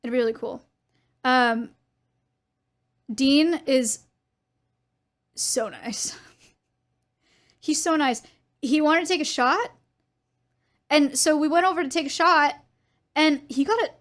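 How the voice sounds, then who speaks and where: A young woman with a high, bright-pitched voice, chatting casually to her stream audience. She tells animated stories, acts out both sides of conversations, and often breaks into laughter. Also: slow, long pauses. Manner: animated storytelling with laughs and quoted dialogue.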